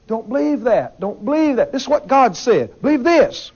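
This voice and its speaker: On a dull, lo-fi recording, a man preaches at a moderate pace in a high, energetic voice. He drives his points home with emphasis, says things more than once, and asks his congregation questions.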